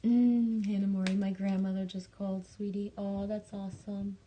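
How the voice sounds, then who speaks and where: A woman hosting a casual livestream, reading viewer messages in a halting, rambling way, with many restarts and some swearing and affection for her viewers. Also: medium pitch, flat delivery, dark tone, slight background noise. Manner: affectionate, talking straight to viewers. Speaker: livestream host.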